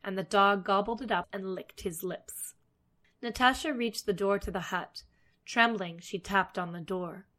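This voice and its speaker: A woman storyteller reading a fairy tale aloud, steady with wry asides. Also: mid-range voice, a little slow.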